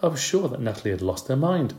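A man narrating a children's storybook in a lively, expressive way. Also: medium pitch, fast talker, echoey room.

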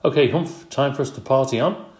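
A man's voice: mid-range voice, fairly quick, darkish tone, roomy sound, voice pushed up, close to an everyday voice. A man reading the lines of an eager, encouraging young student teacher in a storybook. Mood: showman.

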